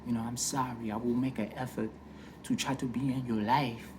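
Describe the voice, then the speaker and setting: A man voicing his soft-spoken, apologetic Nigerian father in a smooth voice with an African accent. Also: mid-range voice, little pitch movement, brisk, a little hiss or hum, natural voice.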